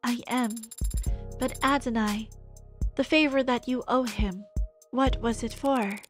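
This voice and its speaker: A woman's voice: a little high, steady tone, measured pace, faint music behind, close to an everyday voice. A woman voicing a polite, earnest male android assistant in a story game, formal and curious. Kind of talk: reading a game's lines aloud.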